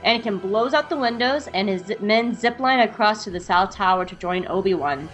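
Woman, podcast co-host, casual chat, recap reading, mid pitch, faint background music. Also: lively intonation, fairly quick, a bit bright. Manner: chatty, laughs easily, reads recaps aloud.

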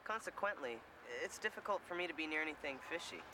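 A man's voice: on the high side, lively intonation, quick pace, background noise, lightly acted. A young man playing a wordy, formal brainy teen. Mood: earnest. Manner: wordy, overly formal phrasing. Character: brainy, formal teen boy, wary of fish. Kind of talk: 1990s TV series acting. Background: music.

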